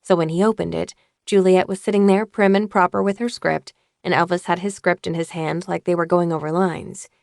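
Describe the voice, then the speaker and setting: A woman reads an audiobook with a lowish voice and a gravelly, fry-tinged texture. Her delivery is measured and even. The sound is dry and close, with no room around it. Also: dry recording. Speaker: audiobook narrator. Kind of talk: scripted audiobook narration.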